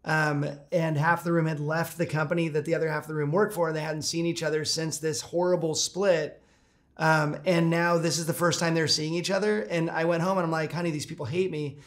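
Upbeat man hosting, fairly high voice. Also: little pitch movement, brisk. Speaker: host. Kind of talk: casual interview chat.

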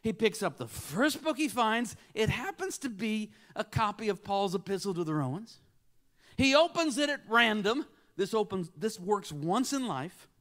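A man's voice: high-pitched, animated, moderate pace, hardly any pauses, fairly bright tone. A man in his sixties preaching a sermon as a guest speaker. He tells a story dramatically, dropping to near whispers and then rising for emphasis.

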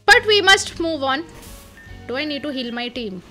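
A woman playing a video game and chatting casually over it, excitable and thinking aloud with lots of fillers. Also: high voice, normal speed, soft background music. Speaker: let's play gamer.

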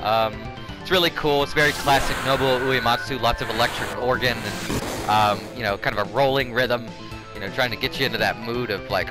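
Male gameplay host, chatty and self-deprecating; mid pitch, with game music running behind. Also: fairly quick, poor audio. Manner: rambling, chatty, laughs at himself. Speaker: let's play host. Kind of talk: casual gameplay commentary.

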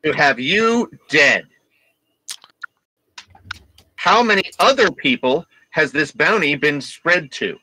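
A man playing a tabletop game who lays out plans in long, deliberate questions. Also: a little high, animated, sharp tone, poor audio. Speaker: player. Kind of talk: casual tabletop game chat.

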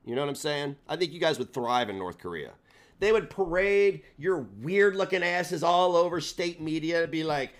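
A man's voice: mid-range voice, animated, normal speed. Sarcastic man ranting on a livestream. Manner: mocking, insulting, sarcastic. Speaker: streamer host. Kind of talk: casual livestream rant.

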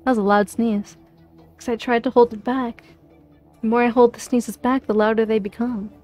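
A woman's voice: fairly high pitch, steady tone, normal speed, a little mellow, soft background music. A woman streamer chatting casually while she plays a game, playful and rambling, often giggling.

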